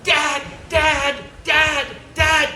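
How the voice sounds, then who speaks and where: A man voicing young children who whine and plead with their father, in a high shouting voice. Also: completely flat delivery, very slow, slight background noise, heavily acted. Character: whiny young children begging their dad. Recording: echoey stage from far off.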